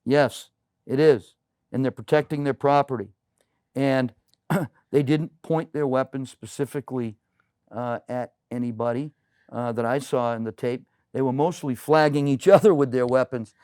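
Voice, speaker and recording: A man's voice: mid-range voice, moderate pace, a little mellow, smooth, no echo. A middle-aged man from the United States, a political candidate, speaking earnestly and emphatically as a guest in a studio interview, with many "you know" fillers. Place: local TV studio.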